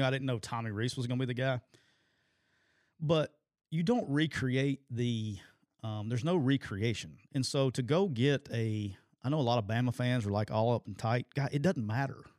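A man's voice: mid-range voice, no echo, studio quality. A middle-aged man and former football coach telling stories in casual sports talk, laughing often and acting out what others said in raised voices. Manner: animated storytelling, quoting people in raised voices, laughs often.

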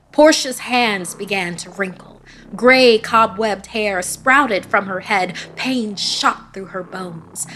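A woman giving scripted, dramatic narration of a horror story, dropping to a hush in tense moments. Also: mid-range voice.

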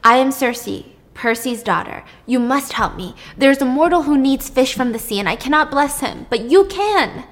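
A woman's voice: animated, moderate pace, hardly any pauses. A woman voicing Circe, a pleading young nymph. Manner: pleading, breathless, high-pitched. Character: lovesick pleading young female sea nymph.

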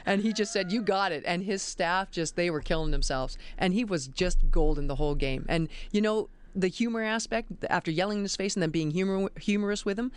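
Middle-aged lady ref, smooth clear voice, emphatic and lively storytelling. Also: on the low side, brisk, few pauses. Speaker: college basketball referee. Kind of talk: interview storytelling.

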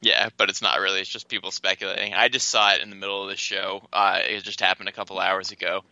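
A man's voice: sits low, flat delivery, fast, vocal fry, pushed and bright, dry recording, rough recording. A man co-hosting a casual sports podcast, giving plain opinions and teasing his co-host. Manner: teasing, matter-of-fact opinions.

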